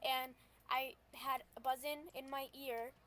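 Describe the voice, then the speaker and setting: A woman voicing an earnest, shaken young female vampire in a tabletop game, talking in halting, stammering restarts. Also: sits high, fairly even intonation, fairly bright tone.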